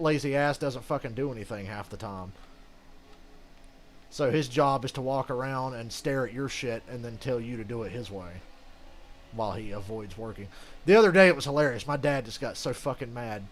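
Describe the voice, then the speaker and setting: Profane rambling man commenting on gameplay. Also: mid-range voice. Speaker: gaming channel host.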